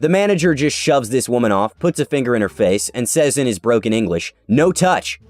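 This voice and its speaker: A man reads an online story aloud with sarcastic, animated delivery, his pitch leaping up and down through the tale. His voice sits close and dry on the mic. Soft music plays beneath him. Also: a little fast, no echo. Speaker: narrator. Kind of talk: scripted narration of an online story. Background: faint background music.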